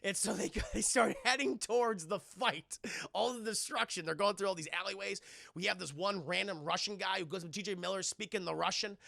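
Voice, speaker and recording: A man recapping a film scene by scene on a live stream, talking to his chat, swearing freely and acting out the characters' lines in quick animated bursts. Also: high-pitched, gravelly, no room sound, clean studio sound. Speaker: live streamer reviewing films.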